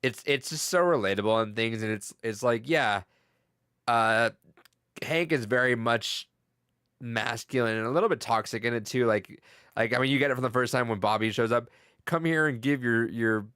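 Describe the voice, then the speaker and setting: A man's voice: medium pitch, fairly bright tone, clear, resonant tone, dry recording. Laughing, chatty man in a dry room. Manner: loose, laughing, swearing, quick impressions. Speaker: podcast co-host. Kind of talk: casual chat.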